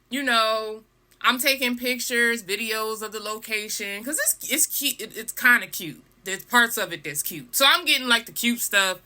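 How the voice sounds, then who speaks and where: Very bright-voiced young woman vlogger. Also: fairly high pitch. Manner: animated, dramatic storytelling with asides to viewers. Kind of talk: storytime vlog.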